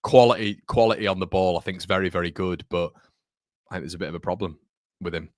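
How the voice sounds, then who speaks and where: A man's voice: low voice, fast, dry recording, clean studio sound. A man hosting a casual live football watchalong, chatting with viewers and calling them mate. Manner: chatty, reads chat aloud, calls viewers mate. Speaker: livestream host.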